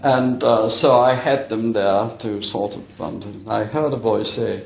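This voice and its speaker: A man's voice: on the low side, unhurried, gravelly, a little hiss or hum. Earnest man lecturing in an echoey hall. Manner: earnest, emphatic, often addresses the audience directly. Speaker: spiritualist medium giving a lecture. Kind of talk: storytelling lecture to an audience.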